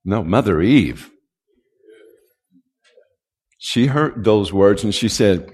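A male pastor preaching a sermon, who builds to loud call-and-response and draws out key words. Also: lowish voice, expressive, slow, slightly rough. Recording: long hall reverb.

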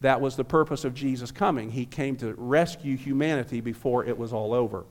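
A man's voice: mid-range voice, brisk. Fifties American man preaching a sermon. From United States. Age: 50s. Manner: friendly, joking with the crowd, then earnest preaching. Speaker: visiting pastor.

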